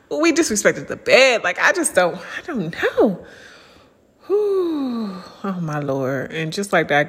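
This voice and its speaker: A woman in her thirties talking casually to viewers, bawdy and laughing, with drawn-out swooning sighs. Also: mid-range voice, a bit bright, breathy edge, in a large hall. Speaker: vlogger. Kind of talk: casual monologue.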